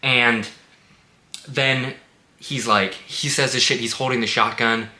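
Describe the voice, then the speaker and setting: A man's voice: mid-range voice, steady tone, takes it slowly, sharp tone. A man giving a casual spoken movie review, blunt and sarcastic, swearing freely. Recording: echoey room.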